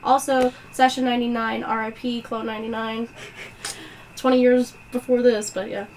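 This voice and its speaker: A woman's voice: on the high side, level tone, normal speed, darkish tone, a little hiss or hum, low-quality recording. A woman player chatting casually and joking around at a tabletop game. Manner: joking, playful.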